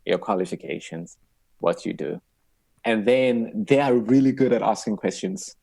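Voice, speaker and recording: A young man from South Africa, a podcast guest who tells stories in an animated way, acting out dialogue. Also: fairly low pitch, moderate pace, creaky, husky, no room sound. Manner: animated, acts out dialogue, laughs often. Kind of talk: casual interview storytelling.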